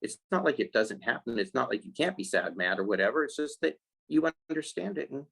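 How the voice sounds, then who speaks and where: A man who is a life skills coach for kids, talking in a casual podcast interview. He explains in an animated way and acts out the voices he quotes. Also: mid-range voice, a little fast, creaky, slightly rough, rough recording.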